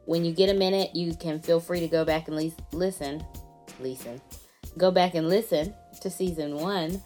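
A woman's voice: fairly low pitch, moderate pace, mellow, soft background music. A woman co-hosting a podcast in a casual chat, welcoming listeners and teasing her friend. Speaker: podcast co-host and licensed clinician.

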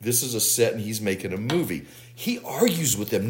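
A man co-hosting a podcast, retelling an episode's plot in a casual, animated way and laughing as he goes. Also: lowish voice, fairly quick, few pauses. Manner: animated storyteller, laughs while retelling plots. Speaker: podcast co-host. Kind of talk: casual episode recap chat.

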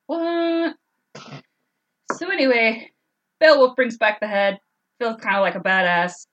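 A woman's voice: medium pitch, expressive, moderate pace, a bit bright, dull audio. A woman co-hosting a casual podcast, retelling an old story in a chatty, joking way. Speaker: podcast co-host.

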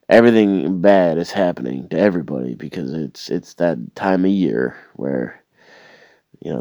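Sick man with a very low voice, sardonic rambling rant, trips over his words. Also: gravelly, darkish tone, dry recording. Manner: rambling, repeats and restarts words, sardonic complaining. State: sick with a cold or flu. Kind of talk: casual rambling rant to camera.

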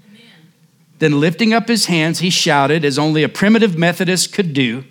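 A male pastor delivers a sermon with impassioned emphasis. His voice sits a little higher than most men's, and he leans hard into key phrases. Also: lively intonation, moderate pace, fairly bright tone.

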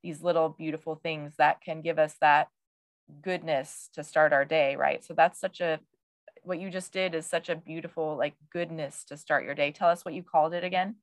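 A woman hosting a podcast interview, talking in an effusive, animated way. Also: sits low, moderate pace, no echo. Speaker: podcast host. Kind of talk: casual interview chat.

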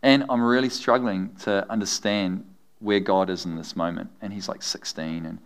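A man's voice: low voice, normal speed, clear, resonant tone. A middle-aged man preaching a sermon, telling stories with humor and laughing often. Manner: animated, humorous storytelling with frequent laughs. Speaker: pastor.

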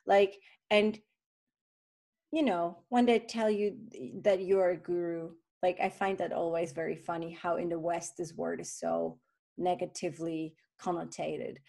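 A woman co-hosting a spiritual podcast and working as a therapist, speaking in a gentle, reflective way with frequent fillers. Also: fairly low pitch, a little slow, creaky. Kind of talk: casual spiritual podcast chat.

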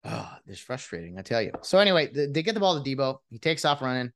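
A man vents about football in a casual rant, his pitch leaping and falling as he goes. He sounds exasperated and mocking, stumbling over restarts as the words pile up. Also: sing-song, fast, gravelly. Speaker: sports commentator venting as a fan.

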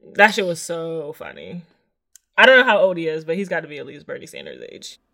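A woman's voice: low-pitched, very animated, brisk, creaky, sharp tone. A woman co-hosting a casual podcast chat, talking bluntly and wryly as she steers the conversation. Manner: blunt, wry, leads the conversation. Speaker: podcast co-host.

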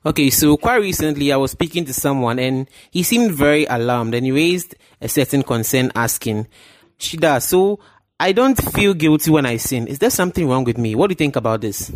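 A man politely putting measured questions to a guest as interviewer. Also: mid-range voice, lively intonation, no echo.

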